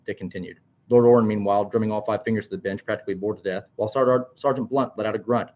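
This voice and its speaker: A man's voice: on the low side, steady tone, racing, a little mellow. A man reading a story aloud, stumbling and restarting words now and then. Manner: plain narration with frequent stumbles and restarts. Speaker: narrator.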